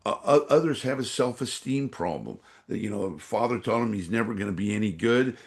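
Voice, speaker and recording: A man's voice: fairly low pitch, animated, brisk. A man from San Francisco, a podcast guest and energy awareness trainer, rambling with many fillers as he acts out voices in his stories. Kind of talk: podcast interview storytelling.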